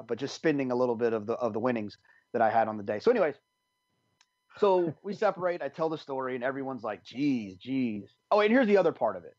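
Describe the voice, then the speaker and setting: A man's voice: mid-range voice, a little mellow, no room sound, dull audio. A man telling a long story on a podcast, rambling with many restarts, acting out what people said. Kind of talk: casual storytelling.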